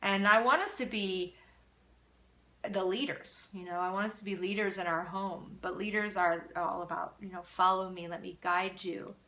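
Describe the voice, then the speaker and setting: A woman's voice: medium pitch, normal speed, bright, forceful tone. A middle-aged woman teaching parents in a live Q&A, earnest and acting out little quotes of parents and kids. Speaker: parenting educator.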